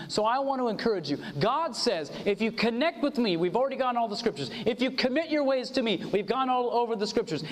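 A man preaches an earnest sermon, quoting scripture and asking for amens. His voice sits very high and moves a lot in pitch. A long reverb trails his words, as in a large hall. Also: animated, normal speed.

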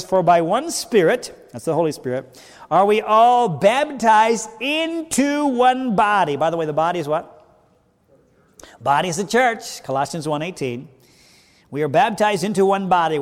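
Male pastor, fairly high voice, preacherly sermon delivery with wide loudness swings, church hall with long reverb. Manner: preacherly, asks the audience questions and answers them, wide swings in loudness. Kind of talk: sermon Bible study.

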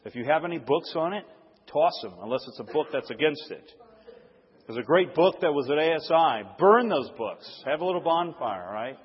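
A man preaching a sermon to a live audience, asking the crowd to fill in words and swinging from loud stresses to hushed asides. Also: on the high side, animated, normal speed, slightly rough. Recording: dull, echoey hall recording.

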